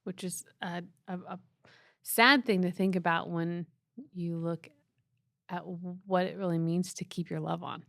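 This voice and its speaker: A middle-aged woman with a fairly low voice co-hosts a faith podcast. She speaks earnestly and thoughtfully in a casual tone, recorded dry and close to the mic. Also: steady tone, unhurried, gravelly, fairly bright tone, no room sound. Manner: earnest, thoughtful, with frequent filler restarts. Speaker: podcast co-host.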